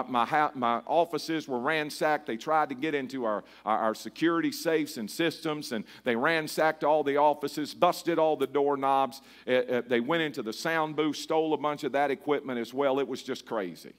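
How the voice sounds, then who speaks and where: A middle-aged male pastor preaching a sermon in a church, moving from hushed storytelling to a fervent, half-sung shout. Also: medium pitch.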